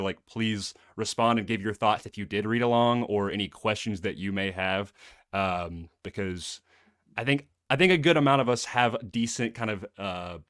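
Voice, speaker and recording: A man's voice: lowish voice, a bit bright, no echo, clean studio sound. A man hosting a casual book club live stream, rambling with fillers and frequent laughs.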